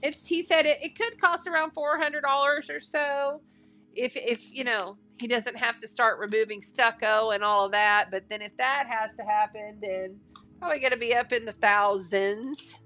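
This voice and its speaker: A woman reading tarot cards in a casual, chatty way, getting excited and thinking out loud as she talks. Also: on the high side, moderate pace. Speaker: astrology and tarot reader.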